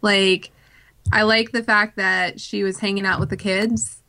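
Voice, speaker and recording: A woman in casual podcast chat, thoughtful and measured. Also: medium pitch, level tone, vocal fry, bright, forceful tone. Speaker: podcast co-host.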